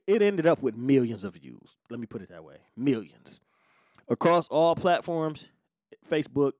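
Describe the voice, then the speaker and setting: A man hosts his own podcast and tells a story heavy with swearing. His mid-range voice swings from calm talk to heated shouting. He is close on a dry mic in a small room. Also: mid-range voice, no echo. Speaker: podcast host. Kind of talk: solo podcast monologue.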